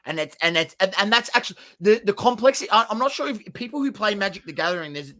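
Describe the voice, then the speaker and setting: A man's voice: high-pitched, lively intonation, fast talker, bright, forceful tone. A man co-hosting a casual podcast, explaining points with frequent stammered restarts. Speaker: podcast co-host. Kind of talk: casual chat.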